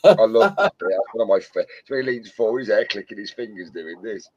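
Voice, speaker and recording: A man's voice: fairly low pitch, fast, breathy edge, no room sound, lo-fi sound. A British man in casual chat with friends, a jokey storyteller who keeps quoting comedy films. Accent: British English. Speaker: co-host chatting while model making.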